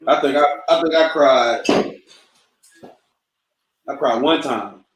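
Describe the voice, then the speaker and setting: A man's voice: medium pitch, takes it slowly, reverberant, a little hiss or hum, poor audio. A man co-hosting a podcast, recalling things in laid-back casual chat and often repeating himself. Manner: repetitive, laid-back, often says bro. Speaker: podcast co-host.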